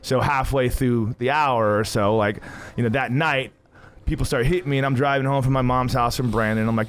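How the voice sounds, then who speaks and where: A man's voice: medium pitch, fairly even intonation, a little fast, clean tone. A man co-hosting a podcast, telling a rambling, profane story with frequent laughs. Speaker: podcast co-host. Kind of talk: casual chat, storytelling. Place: gym coffee bar.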